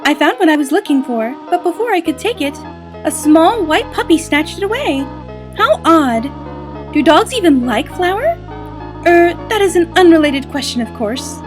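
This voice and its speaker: A woman voicing a gentle, motherly goat-monster woman who speaks formally and politely while reading game dialogue aloud. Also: extremely high pitch, animated, moderate pace, music in the background, pitched above the performer's own voice. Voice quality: formal, soft-spoken, old-fashioned phrasing.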